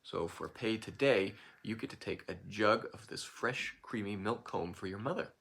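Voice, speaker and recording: A man voicing a patient older farmer who calmly instructs and praises his worker. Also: fairly low pitch, moderate pace, creaky, breathy edge, exaggerated voice. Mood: kindly.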